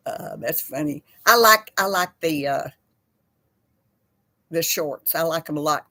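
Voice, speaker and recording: A middle-aged woman with a low, animated voice and a fairly bright tone speaks slowly with long pauses, with no room sound. Hosting a casual livestream chat, she rambles from one topic to another, welcomes viewers by name, and laughs often.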